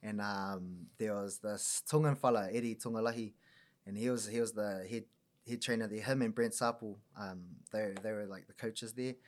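A man in his thirties with a New Zealand accent, a guest telling stories in a casual, slangy, animated way with frequent laughter. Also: lowish voice, normal speed. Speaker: guest, mental performance coach. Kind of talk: casual storytelling chat.

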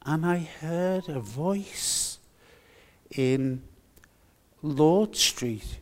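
An older man delivers a sermon in an earnest, emphatic way. He speaks slowly, with a slightly raised pitch, and leans on repeated phrases. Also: expressive. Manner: earnest, slow and emphatic with repetitions. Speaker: preacher.

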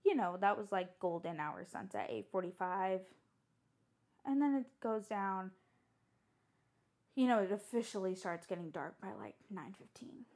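A young woman telling a story in casual, chatty fashion, animated and full of fillers and restarts. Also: mid-range voice, moderate pace, long pauses.

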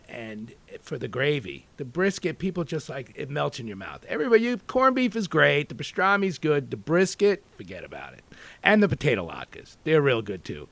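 A talkative chef from New York telling stories in an animated, rambling way, full of "you know.". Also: male voice, fairly high pitch, gravelly, no echo. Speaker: executive chef and deli owner. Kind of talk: casual interview talk.

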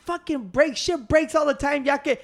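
Gravelly rambling storyteller. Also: sits high, normal speed. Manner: storytelling, rambling, swears, quotes others. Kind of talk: casual chat.

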